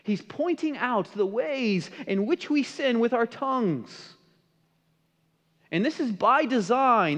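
Emphatic preacher in a reverberant hall. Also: male voice, very high-pitched. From American Midwest. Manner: emphatic, asks the congregation questions. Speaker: pastor. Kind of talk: sermon. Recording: long reverb of a large hall.

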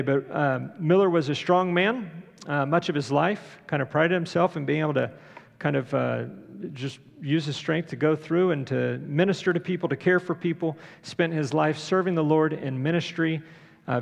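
A middle-aged man delivers a sermon, his slightly raised voice carrying a gravelly edge. He talks the congregation through the story in a loose, conversational way, full of small pauses. A long church reverb trails behind his words. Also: fairly high pitch. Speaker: pastor.

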